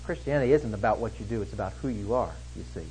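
A man preaching an expository sermon, emphatic, swinging between loud stresses and hushed lines. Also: on the low side, racing, slight background noise, rough recording.

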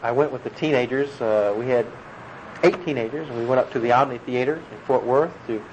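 A man's voice: medium pitch, a little fast, darkish tone. A man preaching an earnest, emphatic sermon, explaining a scripture passage verse by verse. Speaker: pastor. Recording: dull lo-fi recording with faint room noise.

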